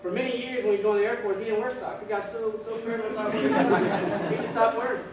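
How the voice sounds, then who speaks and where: A man with a high voice tells a funny story at a ceremony, animated and prone to repeating his words. He stands well back from the mic in a big echoing hall, with noise running underneath. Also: fast talker, a loud crowd. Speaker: ceremony speaker. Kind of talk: humorous storytelling speech. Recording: echoey hall, distant mic, background noise.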